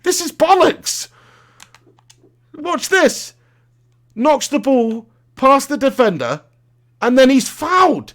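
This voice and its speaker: A man's voice: very high-pitched, big pitch swings, measured pace, pauses often, fairly bright tone. A young man, a gaming streamer, chatting casually on a live stream, laughing often and reading out chat messages.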